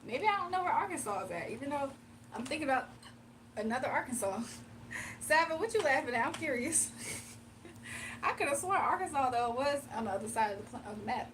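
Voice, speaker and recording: A woman's voice: high voice, animated, a little fast, long pauses, fairly bright tone, far from the mic, a little hiss or hum. A woman from the US East Coast chatting casually on a morning live stream, laughing often and reading viewer comments aloud. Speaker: live-stream tarot reader. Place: home, early morning.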